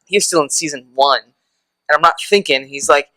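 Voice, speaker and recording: A man co-hosting a casual podcast, telling stories in an easygoing way and chiming in with quick agreement. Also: on the high side, sharp tone, rough recording. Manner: easygoing storyteller, short agreeing replies. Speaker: podcast co-host. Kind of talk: casual chat.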